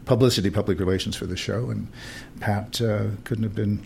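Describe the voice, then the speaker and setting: A man's voice: fairly low pitch, steady tone, a little fast, vocal fry, darkish tone, a little hiss or hum. A man hosting a casual arts talk show, chatty and rambling, with many fillers. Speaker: radio show host. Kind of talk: casual interview chat.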